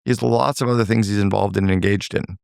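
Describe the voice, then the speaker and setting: A man's voice: lowish voice, steady tone, quick pace, vocal fry, a little mellow, clean tone, dry recording, studio quality. An older man giving blunt, emphatic advice as a guest in a podcast interview, swearing for emphasis.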